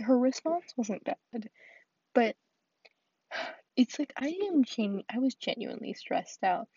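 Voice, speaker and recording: A teenage girl venting alone on her podcast, rambling and acting out her chats, dropping now and then into soft whispers. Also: on the high side, husky, dry recording, highs cut off. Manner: rambling, quotes conversations with "I was like". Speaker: podcast host. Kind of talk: solo venting monologue. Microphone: earphones with mic.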